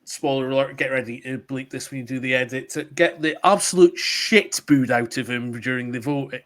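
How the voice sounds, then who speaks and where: A man's voice: medium pitch, fairly even intonation, normal speed. A man co-hosting a casual podcast chat, talking with a chatty, giggly manner. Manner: chatty, frequent ums and laughs. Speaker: podcast co-host.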